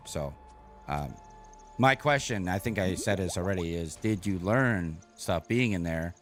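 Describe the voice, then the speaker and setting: Streamer, male, very low voice, rambling, earnest, casual live chat over soft music. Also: lively intonation, unhurried. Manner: rambling, earnest, swears often. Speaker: game streamer.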